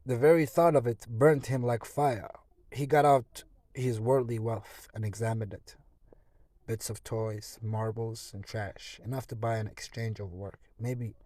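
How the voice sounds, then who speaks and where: A man reading a classic novel aloud in a steady storytelling manner, with occasional small restarts. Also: fairly low pitch, dry recording, poor audio. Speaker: audiobook reader.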